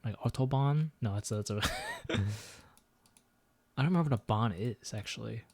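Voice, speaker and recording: A man's voice: fairly low pitch, fairly quick, vocal fry, no room sound. A man streaming a geography guessing game, thinking aloud and muttering his guesses with self-deprecating asides. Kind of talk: casual gameplay commentary.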